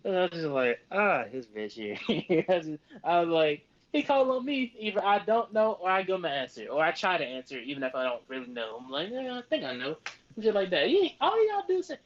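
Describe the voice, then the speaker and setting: A man's voice: high-pitched, big pitch swings, quick pace, few pauses. A young man co-hosting a casual podcast, telling loose, profane stories and acting out what people said. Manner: loose, profane storytelling with acted-out quotes. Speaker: podcast co-host. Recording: dull lo-fi podcast audio.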